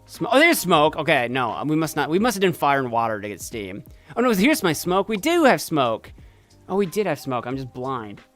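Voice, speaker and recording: A man streaming a game, chatting playfully and excitedly as he thinks aloud. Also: a little high, normal speed, faint music behind. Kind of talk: casual gameplay commentary.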